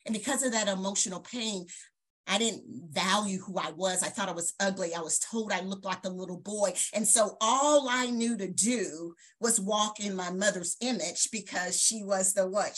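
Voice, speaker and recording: Woman in her 50s, live stream talk, bright and punchy, emphatic. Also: mid-range voice. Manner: animated, emphatic speaker. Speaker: program host.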